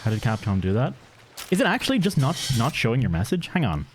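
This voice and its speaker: A man streaming a video game, giving casual commentary in a dry, flat-sounding way. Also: mid-range voice, fast, a little hiss or hum. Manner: self-described monotone, dry and offhand. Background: game music.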